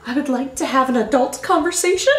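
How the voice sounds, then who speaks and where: Someone doing a high, prissy scolding mom. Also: female voice, fast, close to an everyday voice. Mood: prim. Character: prim, fussy mother and wife.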